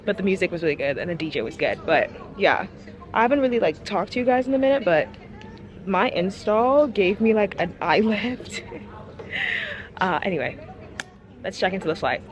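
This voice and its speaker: A young woman chatting casually to camera in a vlog, animated and laughing often. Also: mid-range voice, brisk. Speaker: vlogger.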